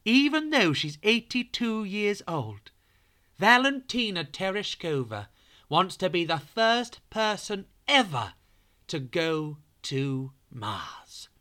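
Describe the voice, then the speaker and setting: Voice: medium pitch, big pitch swings, slow pace, pushed and bright. Playful children's storyteller. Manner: playful, talks straight to young listeners. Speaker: children's podcast host.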